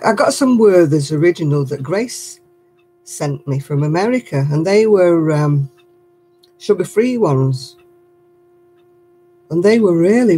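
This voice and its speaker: A woman's voice: low voice, mellow, slight background noise. An older woman, a great-grandmother, chatting casually and laughing often as she reads viewer comments on her crafting livestream.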